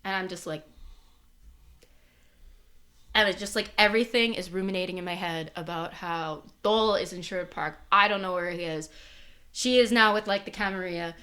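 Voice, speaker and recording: A young woman from Canada playing her character in a tabletop role-play game, talking in an animated, rambling way full of "like" and swearing. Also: lowish voice, normal speed, long pauses. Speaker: player.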